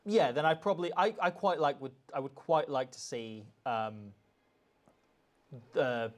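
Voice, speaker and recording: A man's voice: a little high, unhurried. A man co-hosting a live reaction stream, chatting casually and rambling a bit as he reads out viewer comments. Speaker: co-host of a rugby channel.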